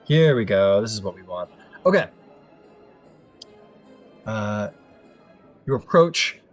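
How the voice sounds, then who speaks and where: Casual male game master, low voice. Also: lively intonation, a little mellow, faint music behind. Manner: casual, halting, many fillers. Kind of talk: narrating a tabletop game.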